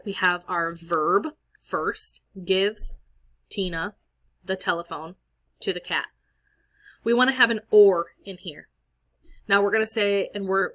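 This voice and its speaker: A woman walks students through a lesson, patient and methodical, explaining one step at a time. Her voice sits at an ordinary middle pitch. She clears her throat every so often as she talks. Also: normal speed, fairly bright tone. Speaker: Spanish teacher. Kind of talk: screen-recorded lesson walkthrough.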